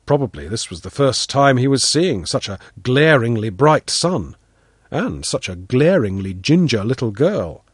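A man reads a first-person story aloud at a slow, deliberate pace. His pitch moves a lot as he tells it, giving the narration an expressive, storytelling feel. The recording is close and dry, with no room echo. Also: husky. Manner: expressive storytelling, voices the characters.

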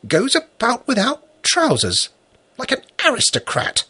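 A man doing a prim, high little girl. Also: huge pitch swings, measured pace, sharp tone, husky, full character voice. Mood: earnest. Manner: mysterious whispering tone.

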